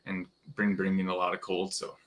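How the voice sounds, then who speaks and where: A male guest talks haltingly, often stopping for fillers and starting over. His voice sits fairly low but has a bright edge. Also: monotone, a little hiss or hum. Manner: halting, full of fillers and restarts. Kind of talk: casual conversation.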